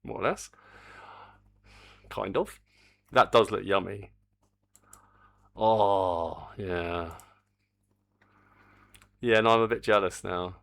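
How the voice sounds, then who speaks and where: A man's voice: low-pitched, slow, creaky, pauses often, fairly bright tone. An older man, chatting casually on a live stream while he works on a game, reading the chat aloud and swearing mildly.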